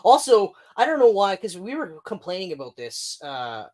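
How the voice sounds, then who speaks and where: A man's voice: high voice, moderate pace. A man co-hosting a casual podcast, his voice bouncing all over the place as he talks. He swears freely and breaks into laughter often. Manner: animated, profane, laughing often. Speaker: podcast co-host. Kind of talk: casual chat.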